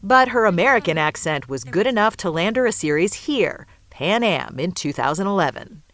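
A woman correspondent reading scripted narration for a news magazine feature in a lively storytelling manner. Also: on the low side, moderate pace.

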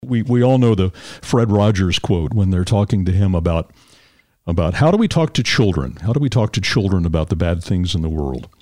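A man hosting an interview, asking lively questions that stall on repeated words. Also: sits low, normal speed, no room sound, clean studio sound. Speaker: podcast host, interviewer. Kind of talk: interview chat.

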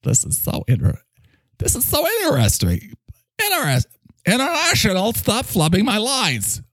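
A man doing a pompous squeaky playhouse boss. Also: huge pitch swings, fairly bright tone, no room sound, heavily acted. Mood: bossy. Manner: drawn-out, bossy, grandiose delivery. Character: pompous high-voiced male leader of a playhouse. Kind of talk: improvised comedy podcast bit.

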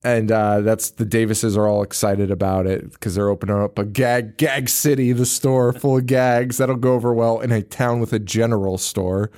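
A man's voice: on the low side, fairly even intonation, normal speed, hardly any pauses, darkish tone. Laughing man recapping a movie. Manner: laughing, joking, swearing, acts out lines in silly voices. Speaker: podcast co-host. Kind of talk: casual movie recap chat.

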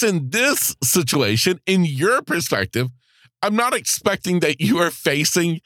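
A man's voice: mid-range voice, a bit bright, dry recording, studio quality. A male podcast host talking straight to his listeners in an earnest, encouraging, motivational way. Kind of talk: motivational solo podcast talk.

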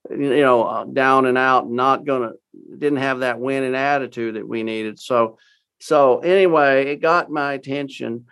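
An older man from Texas, a guest in an interview, telling his story in a folksy, halting way with many fillers and restarts. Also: medium pitch, fairly bright tone, clean tone.

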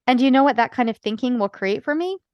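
A woman's voice: a little high, lively intonation, fast, no echo, dull audio. A woman podcaster and life coach talking earnestly to listeners, explaining ideas step by step and checking in with frequent asides. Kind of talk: solo podcast talk.

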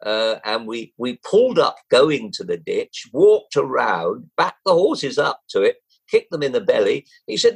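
Older male guest storyteller: gravelly, husky, animated delivery, throws in voices for the people he quotes. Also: mid-range voice, moderate pace, poor audio. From England. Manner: lively, acts out quoted voices, chuckles, restarts often. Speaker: guest, former jockey and racing broadcaster. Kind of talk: anecdotal storytelling.

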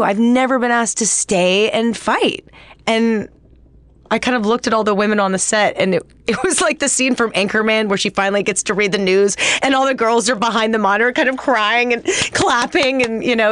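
A woman's voice: mid-range voice, clear, resonant tone, dry recording. A young woman actress telling stories in a casual chat, with lots of laughs and fillers. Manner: animated storytelling, laughs often, many fillers. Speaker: actress and guest.

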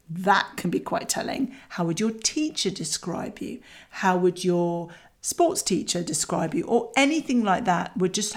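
A middle-aged woman, coaching parents in a chatty, candid way with lively asides. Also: medium pitch, moderate pace. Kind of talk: talking to parents about a child exercise.

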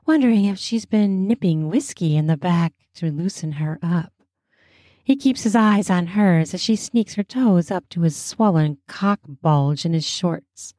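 A woman narrating a story in a slow, soft, intimate way. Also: lowish voice, no echo, studio quality. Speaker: storyteller and host.

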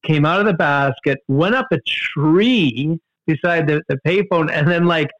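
A man telling a story in casual conversation, animated, with many fillers and restarts. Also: unhurried, lo-fi sound, slight background noise. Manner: animated, jumps in pitch for quoted outbursts, many fillers and restarts. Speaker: guest storyteller.

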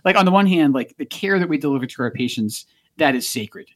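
A man's voice: on the high side, lively intonation, a little fast, no room sound. A man with a Scottish accent, a doctor chatting as a guest on a podcast. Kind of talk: casual podcast chat.

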